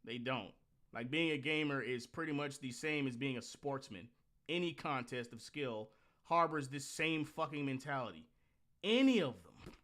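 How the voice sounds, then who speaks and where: A man hosting a reaction commentary, talking bluntly and scornfully with lots of swearing and sudden animated rants. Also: medium pitch, normal speed. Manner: animated rants with mocking outbursts. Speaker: host.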